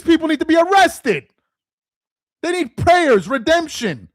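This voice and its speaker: A man hosting a sports rant show, mocking and exasperated, firing off rhetorical questions, tripping over repeated words and rising into shouts. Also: very high voice, very animated, a little slow, pauses often, no room sound, clean studio sound. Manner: stumbles and repeats words when worked up; rises into shouts. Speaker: sports commentator host.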